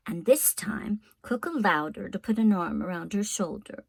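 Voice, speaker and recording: A woman teacher reading a storybook aloud to her class, in an expressive, unhurried way. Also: medium pitch, creaky, no room sound.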